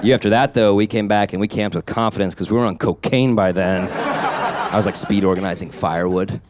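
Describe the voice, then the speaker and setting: Guy comic, lowish voice, deadpan then yells, noisy room behind. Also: fairly quick. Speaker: stand-up comedian. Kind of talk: stand-up storytelling.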